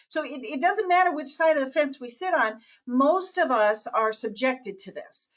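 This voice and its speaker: Over a webinar call, a woman with a slightly high voice for a woman presents with animated energy. She sounds confident and instructional, and she drops into quick character voices whenever she quotes someone.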